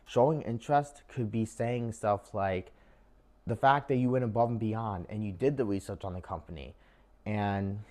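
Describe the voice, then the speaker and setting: His voice sits lowish and a little mellow as the young man chats to camera with job interview advice. It's casual and full of fillers like "like" and "um," and he keeps calling his viewers guys.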